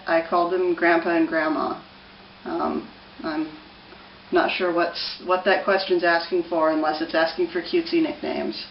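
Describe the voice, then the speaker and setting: Woman, 30s, Pacific Northwest American accent, relaxed rambling vlogger; distant, echoey, muffled home-camera sound. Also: fairly low pitch, measured pace, a little hiss or hum. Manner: rambling, relaxed, many ums. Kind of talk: casual rambling vlog. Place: room with an open window. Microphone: camera on a tripod.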